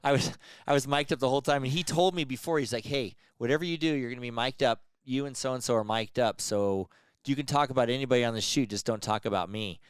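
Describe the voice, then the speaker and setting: Fast-talking man telling stories. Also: mid-range voice, clear, resonant tone, dry recording. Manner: animated, laughs often, acts out quotes. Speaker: podcast co-host. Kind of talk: casual storytelling chat.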